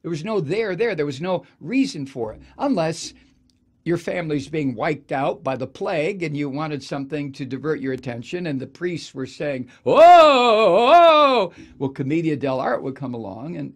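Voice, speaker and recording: A man's voice: on the high side, animated, moderate pace, vocal fry, a little mellow, husky. A man hosting a political talk show, delivering a sardonic, profane ranting monologue. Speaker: radio talk show host.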